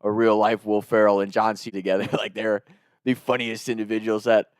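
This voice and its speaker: A man's voice: on the low side, level tone, a little fast, clear, resonant tone, dry recording, clean studio sound. A man in his thirties from Ohio and Kentucky, telling a story in a loose, rambling, profane way. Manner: loose, swearing, rambling with "like" fillers.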